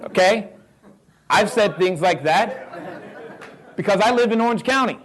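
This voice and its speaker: A middle-aged real estate investor with a Southern American accent gives a motivational talk to a live audience, firing questions at them and laughing often. His voice is high-pitched and expressive, and he speaks unhurriedly.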